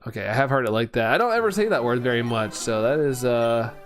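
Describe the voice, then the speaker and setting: A man's voice: medium pitch, lively intonation, quick pace, faint music behind. A young man streaming, chatting casually with his audience, reading their comments aloud and laughing at himself. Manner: chatty, self-mocking, reads chat aloud and laughs often. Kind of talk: casual live-stream chat.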